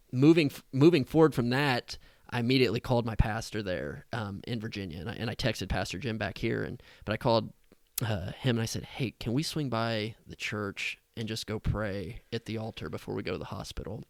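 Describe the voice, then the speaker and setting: A man's voice: on the low side, vocal fry, no echo. A man who is an associate pastor, a guest on a podcast, earnestly sharing a personal story in conversation. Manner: earnest, heartfelt, speaks openly about emotion.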